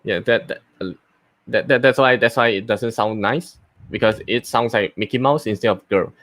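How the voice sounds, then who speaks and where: A voice actor, a man, casually explaining his voice techniques in an unhurried way with many fillers and restarts. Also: on the low side, fairly bright tone, no echo. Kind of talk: casual live talk and voice demo.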